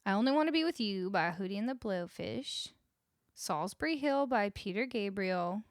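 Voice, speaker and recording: This Canadian musician speaks at medium pitch with lively intonation and a moderate pace, no echo. She's close to a studio vocal mic, casually chatting with home livestream viewers between songs and cooing at her dog.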